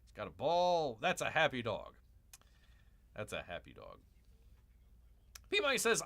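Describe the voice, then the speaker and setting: A male livestream host with a lively, swooping delivery and a bright, forceful tone. He jokes his way through casual commentary, calling himself Bear. He drifts into rambling asides and repeats his own lines. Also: medium pitch, a little slow, creaky, pauses often. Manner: joking, calls himself Bear in third person.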